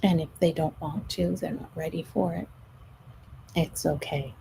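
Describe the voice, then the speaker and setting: Slow gravelly-voiced woman coach. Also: low voice, fairly even intonation, a little hiss or hum, poor audio. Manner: gentle, coaching, sometimes drops almost to a whisper. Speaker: stress management coach. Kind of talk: live show monologue.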